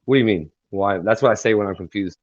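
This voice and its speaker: A man telling a long personal story in a halting, rambling way as an interview guest. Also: lowish voice, dry recording. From Texas. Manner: rambling, halting, many fillers and restarts. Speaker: guest singer-songwriter. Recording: dry, dull lo-fi sound.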